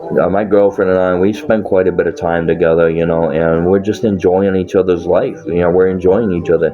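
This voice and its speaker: A man's voice: deep voice, fairly even intonation, fairly quick. A man talking casually about his life, blunt and full of swearing, often laughing. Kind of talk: casual profane monologue. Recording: dull lo-fi sound.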